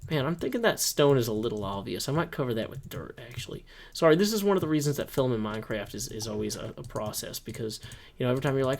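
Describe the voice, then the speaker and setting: A man's voice: mid-range voice, fast, creaky, slight background noise. A man hosting his own video, rambling casually over Minecraft gameplay with self-deprecating jokes. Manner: excited, upbeat office tour. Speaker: host.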